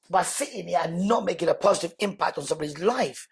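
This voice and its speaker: A man, a podcast guest, telling his story in a lively, conversational way and acting out the dialogue. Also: high voice, fast talker, gravelly, few pauses, husky. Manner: animated, acts out quoted dialogue.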